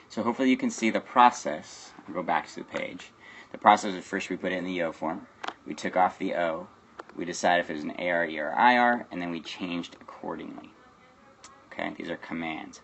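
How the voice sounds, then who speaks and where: A man's voice: low-pitched, moderate pace, gravelly, long pauses, a bit bright. A man teaching a recorded Spanish grammar lesson, explaining step by step and checking in with "okay?" and "right?". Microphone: webcam or phone recording.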